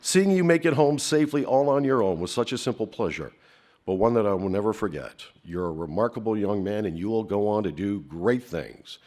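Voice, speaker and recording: A man's voice: lowish voice, expressive, darkish tone. A middle-aged man from Canada giving a heartfelt, rhetorical acceptance speech from a podium on a banquet hall stage. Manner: emotional, rhetorical, with dramatic pauses.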